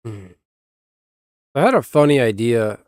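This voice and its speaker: A man's voice: mid-range voice, sing-song, measured pace, a little mellow, no echo. Blunt young man chatting on stream. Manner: rambling, blunt, swears casually.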